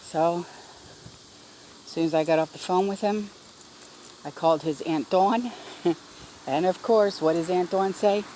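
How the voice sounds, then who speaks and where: A woman's voice: fairly low pitch, measured pace, pauses often, dark tone, slight background noise, rough recording. Middle-aged woman chatting in her garden. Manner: rambling and heartfelt, many fillers and restarts. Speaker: garden vlogger. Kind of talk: casual vlog talk. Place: backyard garden, outdoors.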